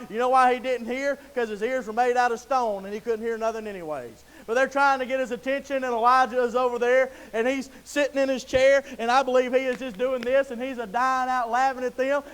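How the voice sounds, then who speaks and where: A man preaching a sermon in a folksy storytelling way, acting out Bible scenes and building to loud emphatic peaks. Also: very high-pitched, clean tone.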